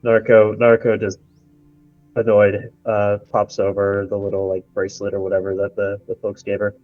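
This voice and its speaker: A man's voice: fairly low pitch, completely flat delivery, normal speed, no room sound, narrow, tinny audio, faint music behind. A man playing a tabletop game and questioning another character bluntly. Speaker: player. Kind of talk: tabletop role-play.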